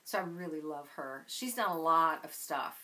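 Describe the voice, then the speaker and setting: A woman with a low-set voice talks about her favorite books with gushing enthusiasm. Her tone is bright and forward, and her delivery is loose and conversational. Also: animated, normal speed, rough recording. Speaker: book vlogger. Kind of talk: casual chat.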